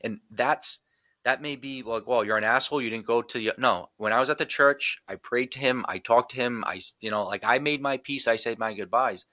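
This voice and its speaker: A man's voice: medium pitch, brisk, pushed and bright, dry recording. A man talking as a podcast guest in casual chat, ranting emphatically and swearing often.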